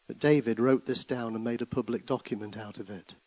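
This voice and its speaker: A man preaching a sermon, speaking in a soft, reflective way. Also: mid-range voice, fairly even intonation, a little fast, no echo, poor audio. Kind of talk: sermon with poem reading.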